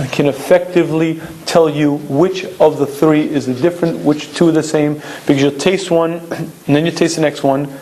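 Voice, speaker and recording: A man giving a recorded Torah lecture, explaining emphatically and clearing his throat often. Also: on the high side, fairly even intonation, moderate pace, darkish tone, poor audio.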